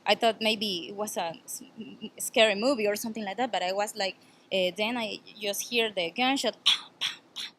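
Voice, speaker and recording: Shaken woman neighbor, halting speech. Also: medium pitch, steady tone, a bit bright, slight background noise. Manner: halting, shaken retelling with restarts. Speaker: neighbor witness. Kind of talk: interview clip.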